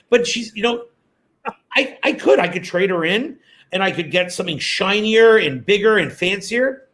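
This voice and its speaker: Here a man from Canada who used to host radio shares stories as an interview guest, animated and voicing each quote along the way. His pitch is high and his speed normal.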